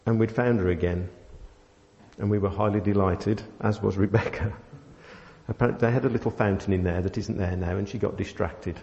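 A man preaching a sermon, telling a family story with many pauses and fillers. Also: lowish voice, fairly even intonation, darkish tone. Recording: dull sound in a long-reverb hall.

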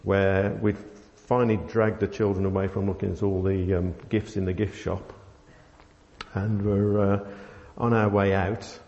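A man preaching a sermon, telling a family story with many pauses and fillers. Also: low-pitched, flat delivery, darkish tone. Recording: dull sound in a long-reverb hall.

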